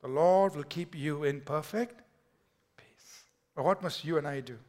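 Male pastor, slightly higher voice, dynamic sermon delivery dropping to whispers. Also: measured pace. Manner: preaching with dynamic swings from loud to whispered.

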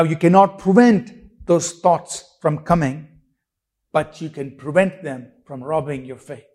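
A man's voice: a little high, a little mellow. A man preaching a sermon, emphatic and repetitive, with rhetorical questions and frequent restarts.

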